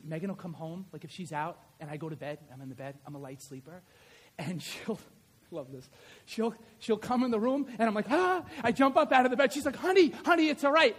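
A man's voice: high-pitched, brisk. A man preaching a sermon, telling stories with energy and acting out scenes. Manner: animated storytelling, acts out scenes.

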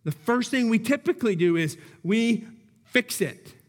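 A male pastor preaches in a church sanctuary, pressing his points through repeated words and direct questions. His voice sits high for a man. The sound carries a long hall reverb. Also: expressive, measured pace. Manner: emphatic, repeats key words, asks the congregation questions. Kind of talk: sermon.

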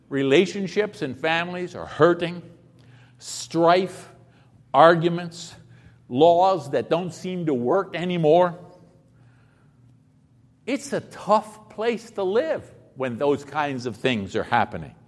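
A high-pitched man preaches with lively swings of pitch, chatting with his listeners and tossing them rhetorical questions. His voice rings out with a long reverb, as if carried through a large church hall. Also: takes it slowly, long pauses. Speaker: pastor. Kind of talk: sermon.

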